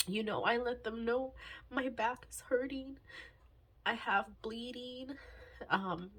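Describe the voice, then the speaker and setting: Casual vlogger, woman in her twenties, husky tone, emotional and near tears, halting delivery. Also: a little high, a bit bright. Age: 20s. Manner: halting, sighing, many fillers and restarts. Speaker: budgeting vlogger. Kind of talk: candid personal vlog talk.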